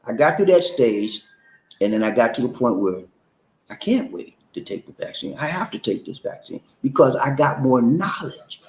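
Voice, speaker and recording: A man hosts a casual livestream in an echoey room. His pitch sits in the middle, and he talks loosely to his viewers. When he gets worked up, his voice leaps high and animated. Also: normal speed. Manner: animated, swings up high when excited, says "man" and "okay?". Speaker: livestream host.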